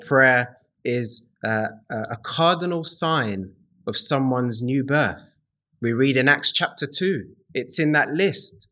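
Slow and deliberate, a man with a medium-pitched, slightly bright voice preaches to a congregation. He repeats key phrases and addresses his listeners directly.

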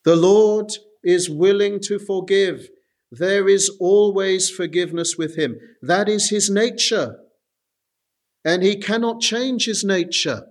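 A man delivers a sermon in a fairly high voice. He speaks earnestly to his listeners and often pauses on "uh" as he works through his points. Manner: earnest, repeatedly addresses "dear friends"; frequent "uh" hesitations. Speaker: preacher.

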